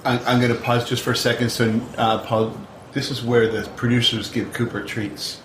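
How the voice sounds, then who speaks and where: A man's voice: mid-range voice, level tone, moderate pace, fairly bright tone. Easygoing guy on a podcast, roomy sound with hiss behind. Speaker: podcast co-host. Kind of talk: casual chat. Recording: roomy with audible background hiss.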